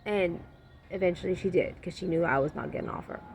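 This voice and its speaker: A woman telling a casual anecdote in an animated, blunt way, swearing freely and acting out her own lines. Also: fairly low pitch, fast, slight background noise. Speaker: storyteller.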